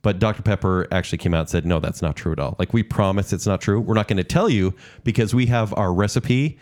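A man's voice: low-pitched, quick pace, a little mellow. A man co-hosting a casual podcast chat, telling trivia in a joking, easygoing way. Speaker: podcast co-host.

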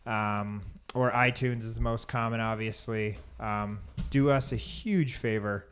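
A man's voice: lowish voice, steady tone, measured pace, a bit bright, clear, resonant tone. Rambling man co-hosting a podcast. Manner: rambling, many ums and restarts. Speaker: podcast co-host. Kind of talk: casual podcast chat.

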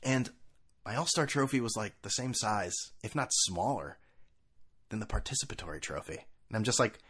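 A man's voice: lowish voice, animated, normal speed, a bit bright, slightly rough. A man in his thirties hosting a casual sports talk show, ranting with sarcasm and profanity.

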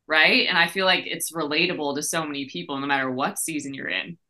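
A woman's voice: low voice, steady tone, quick pace, pushed and bright. A woman hosting a faith podcast, chatting animatedly, often adding "like" and "right?", with playful leaps in her voice. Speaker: podcast host. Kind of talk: conversational interview hosting.

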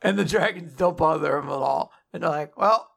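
A man's voice: on the high side, normal speed, gravelly, a bit bright. A man hosting a podcast who recaps a manga chapter in casual, profane, joking chat. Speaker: podcast host.

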